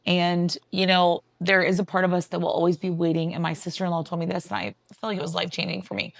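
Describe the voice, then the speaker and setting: A woman hosting a podcast, talking in a relaxed, encouraging and reflective way. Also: fairly low pitch, fast, creaky, dry recording. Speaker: podcast host. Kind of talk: casual faith chat.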